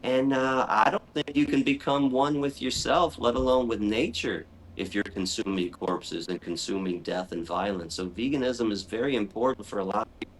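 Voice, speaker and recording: A middle-aged man telling a story in conversation, animated and excitable. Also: on the low side, normal speed, a little hiss or hum. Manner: animated, excitable storyteller who acts out his own shrieks. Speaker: animal rights speaker, guest.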